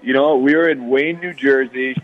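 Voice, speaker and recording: A man's voice: mid-range voice, fairly even intonation, moderate pace, lo-fi sound. A man in his thirties from Canada, a guest athlete chatting casually in an interview, easygoing and rambling with lots of fillers.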